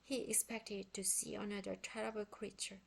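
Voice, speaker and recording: A woman reading a children's book aloud in expressive, unhurried storytelling; her first language is Korean. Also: mid-range voice, gravelly, breathy edge. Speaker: book reader.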